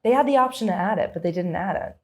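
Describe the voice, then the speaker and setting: Young woman grading contestants on a comedy game show, deliberate mock-serious delivery. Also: mid-range voice, expressive, a little mellow. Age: young adult. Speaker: professor judging a comedy contest.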